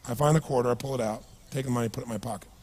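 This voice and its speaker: A middle-aged man and seminar speaker, telling a personal story to a live audience in an animated, conversational way and asking them questions. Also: mid-range voice, very fast.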